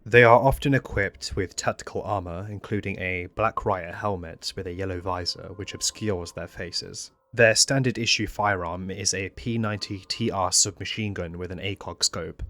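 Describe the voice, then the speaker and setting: Man, video essay narrator, very low pitch, sharp forceful tone, measured explanatory delivery. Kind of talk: scripted game commentary narration.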